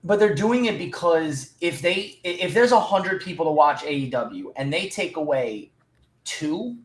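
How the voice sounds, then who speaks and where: A man's voice: on the high side, lively intonation, normal speed, reverberant. A man co-hosting a podcast, explaining his view point by point in casual chat over a remote call. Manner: explaining, reasoned. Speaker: podcast co-host.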